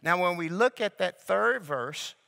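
In a high, animated, gravelly voice that's bright and forceful, a male pastor drags out key words with slow emphasis. He urges the congregation to repeat his phrases, and his sermon echoes with long hall reverb.

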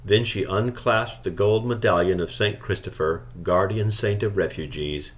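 Low-voiced man reading a novel. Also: moderate pace. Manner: calm, steady storytelling. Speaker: audiobook reader. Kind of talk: scripted narration.

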